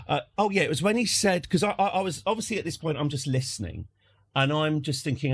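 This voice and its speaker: A man's voice: fairly high pitch, animated, quick pace, breathy edge, no room sound. Rambling British man telling a story. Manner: rambling, wry, full of fillers and restarts. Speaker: streamer. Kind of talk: casual anecdote.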